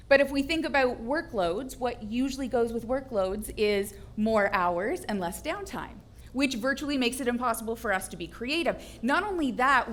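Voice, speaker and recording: A woman giving a motivational keynote talk to a live audience, animated and often asking the room rhetorical questions. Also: fairly high pitch, long reverb tail. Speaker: keynote speaker.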